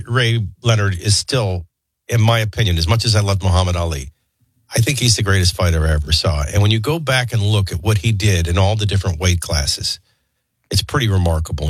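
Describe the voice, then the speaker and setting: A man hosting a talk show, rambling through childhood anecdotes and a quick sports rundown. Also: fairly low pitch, a bit bright, slightly rough, no echo. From New Orleans area. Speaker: talk radio host. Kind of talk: casual storytelling and sports rundown.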